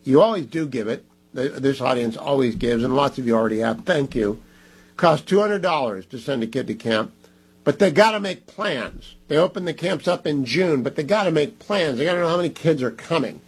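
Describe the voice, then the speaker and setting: A man's voice: medium pitch, a little fast, slightly rough. A middle-aged man hosting a radio talk show, reading ads live in an emphatic, conversational way and repeating phone numbers.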